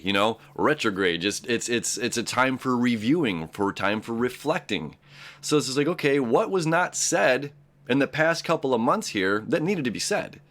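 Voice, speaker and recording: A man hosting a daily astrology talk, earnest and encouraging, who repeats and restarts words and keeps checking in with "right?" and "okay?". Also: mid-range voice. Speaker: astrology show host. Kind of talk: casual daily horoscope talk.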